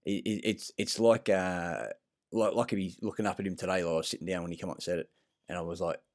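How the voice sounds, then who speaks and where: A deep-voiced man rambles through a self-recorded vlog, circling back on himself with fillers and false starts. He is blunt and swears freely. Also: fairly even intonation, fast talker, darkish tone. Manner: rambling, meandering, frequent fillers and restarts; blunt and profane. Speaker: vlogger. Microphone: self-recorded clip.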